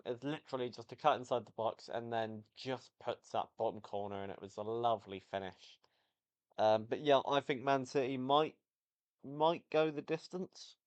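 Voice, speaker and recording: A man's voice: mid-range voice, clean tone. Chatty man reviewing football matches. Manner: rambling, self-correcting, enthusiastic. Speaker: football vlogger.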